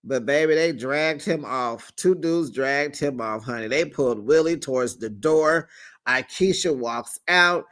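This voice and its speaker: A man hosting a casual reality TV recap, telling the story in an animated, sassy way and acting out the quotes. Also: mid-range voice, measured pace. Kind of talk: casual gossip recap commentary.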